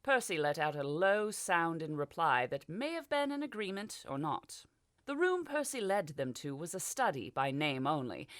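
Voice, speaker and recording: A woman reads a fantasy audiobook with expressive storytelling. Her voice is on the low side but moves a lot in pitch. The sound is dry and close, with no room. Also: normal speed, no room sound. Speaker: audiobook narrator. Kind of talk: scripted audiobook narration.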